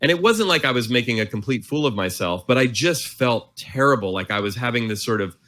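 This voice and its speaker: A man in his forties tells a story at a quick clip, lively and self-mocking as he plays out the nervous voice in his head. His pitch sits in the ordinary middle for a man. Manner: animated, self-mocking, acts out his inner voice. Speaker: author and guest. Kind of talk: storytelling in a conversation.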